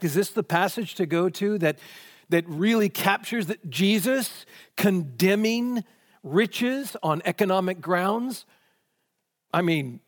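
Male preacher, higher voice, rhetorical questions, emphatic, long hall reverb. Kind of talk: sermon.

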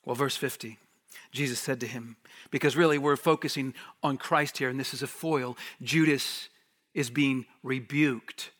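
A man preaching a sermon as a pastor, swinging from hushed near-whispers to raised, urgent lines and repeating words for emphasis. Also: medium pitch, steady tone, normal speed.

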